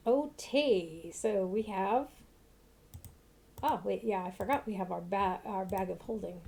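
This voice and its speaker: A woman's voice: mid-range voice, unhurried, vocal fry, dark tone. A woman streamer chatting casually while playing a role-playing video game. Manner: chatty, self-mocking. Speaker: let's play streamer.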